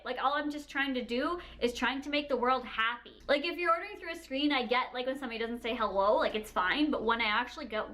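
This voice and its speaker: Young female vlogger, high-pitched, sassy and animated, laughs a lot, casual rant. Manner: animated, sassy, laughs often, mimics people. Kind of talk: casual ranting to camera.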